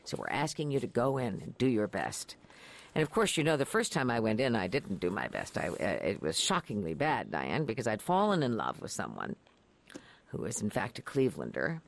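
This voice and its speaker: A woman, a radio interview guest, telling her stories in a dramatic, emphatic and emotional way. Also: sits low. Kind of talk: expressive storytelling.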